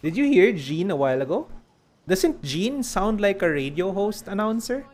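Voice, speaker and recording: A man's voice: high voice, big pitch swings, moderate pace, a little mellow. A man with a Filipino accent chatting casually while streaming a game, rambling and laughing often.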